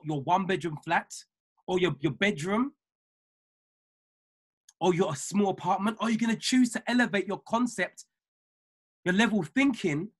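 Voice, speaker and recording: A man giving an emphatic, repetitive motivational talk to his trading mentees over a video call, building from calm to fiery. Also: high-pitched. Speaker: trading mentor.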